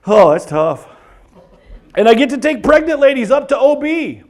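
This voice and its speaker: A man's voice: very high voice, moderate pace, some chatter behind. A man in his forties doing a comedy monologue at a church event, acting out stories with sung and screamed bits. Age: 40s. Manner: animated storyteller, breaks into singing and screaming bits.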